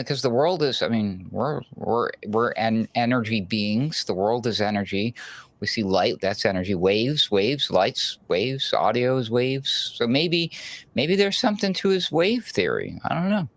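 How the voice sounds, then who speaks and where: A man co-hosting a news show, musing out loud with halting restarts. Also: mid-range voice, expressive, no room sound. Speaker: co-host. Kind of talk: casual chat.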